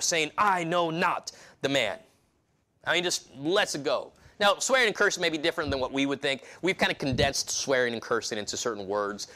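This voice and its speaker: A man's voice: a little high, pushed and bright. A man preaching a sermon in a casual, conversational way, often restarting his phrases and acting out quotes from the passage. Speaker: pastor.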